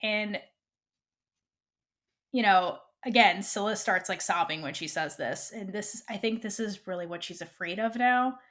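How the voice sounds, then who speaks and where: A woman co-hosting a fan podcast, retelling a TV episode in a casual, animated way and quoting the characters' lines. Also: medium pitch, normal speed. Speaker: podcast co-host.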